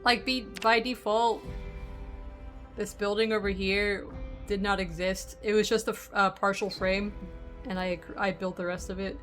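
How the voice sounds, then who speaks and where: Woman streamer, mid pitch, relaxed rambling gameplay chat, voice slightly worn, soft music behind. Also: a little slow. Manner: chatty, thinking aloud, trailing off with fillers. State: losing her voice. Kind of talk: casual gameplay commentary.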